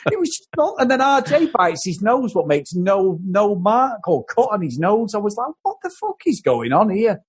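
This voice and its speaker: A man's voice: high-pitched, big pitch swings, moderate pace, hardly any pauses, slightly rough. A man co-hosting a podcast, animatedly mocking an old film's scenes and swearing freely. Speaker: podcast co-host. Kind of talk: casual film review chat.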